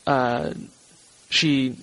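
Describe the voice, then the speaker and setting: A man narrating a tabletop horror game as game master over a voice call, with halting, filler-heavy narration. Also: mid-range voice, steady tone, gravelly, fairly bright tone, low-quality recording. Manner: halting, many fillers and restarts.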